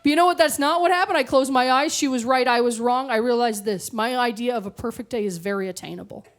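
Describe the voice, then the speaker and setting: A woman from Canada performing a stand-up comedy set on stage, with animated, mock-indignant storytelling. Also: a little high, quick pace. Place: comedy club stage with audience laughter.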